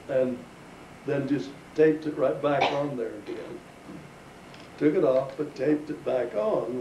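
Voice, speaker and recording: A man's voice: medium pitch, warm tone. An older man telling a chuckling, folksy story from his life to family. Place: living room with family listening. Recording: roomy home recording, distant mic, faint hiss.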